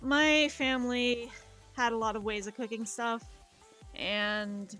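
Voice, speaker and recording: A young woman with a fairly high voice chats casually on a live art stream, wandering from story to story and leaning on "like" and "um". She talks into a desk mic in a home setup, with soft music playing faintly behind her. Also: fairly even intonation, takes it slowly. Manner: rambling storytelling, lots of "like" and "um". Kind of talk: casual chat while drawing on a live stream.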